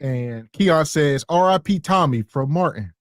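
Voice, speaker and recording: A man's voice: on the high side, expressive, a little slow, slight background noise. A man co-hosting a podcast, joking in slang and reading out chat comments. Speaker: podcast co-host.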